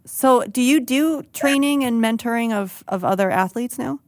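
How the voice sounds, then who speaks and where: A woman co-hosting a casual podcast, excitable and quick to react with enthusiasm. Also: on the high side. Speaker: podcast co-host.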